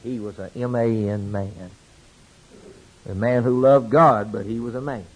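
Preacher guy giving a sermon, kinda husky voice, goes loud then drops real quiet. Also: medium pitch, fairly even intonation, a little slow, rough recording. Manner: emphatic preaching, swinging from loud declarations to quiet asides.

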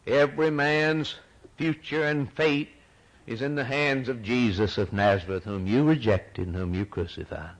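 A man preaching a sermon with dramatic delivery, swinging between loud outbursts and hushed tones and repeating phrases for emphasis. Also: medium pitch, moderate pace, creaky, low-quality recording.

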